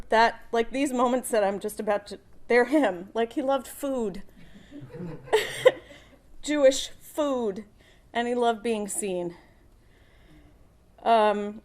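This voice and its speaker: A woman's voice: fairly high pitch, darkish tone. A middle-aged woman, a daughter, giving a eulogy at a funeral service, speaking fondly and often laughing between memories.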